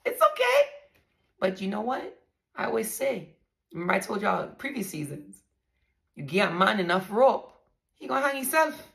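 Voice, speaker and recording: A woman's voice: medium pitch, animated, moderate pace, vocal fry, fairly bright tone. A woman hosting a podcast, telling her own story in a blunt, emphatic way and speaking straight to her listeners. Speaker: podcast host. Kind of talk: candid storytelling monologue.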